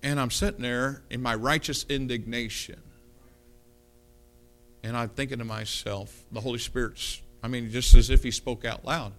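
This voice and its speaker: A male pastor preaching, telling a personal story with lively quoted dialogue and punchy delivery. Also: medium pitch, moderate pace. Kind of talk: sermon storytelling.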